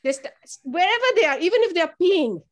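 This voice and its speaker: A woman who runs a child care program, telling stories about the children in a lively conversational way, acting out quotes and often repeating words. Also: extremely high pitch, fast talker. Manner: animated storyteller who acts out quotes in a raised voice; repeats words while thinking. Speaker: family child care provider. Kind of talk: conversational testimonial.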